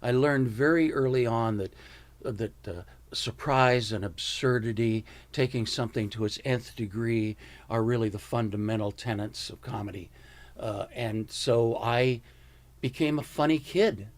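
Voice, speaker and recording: Older American man telling lively stories. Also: medium pitch, measured pace. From United States. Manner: animated storyteller who slips into impressions. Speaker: guest comedian. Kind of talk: casual interview storytelling.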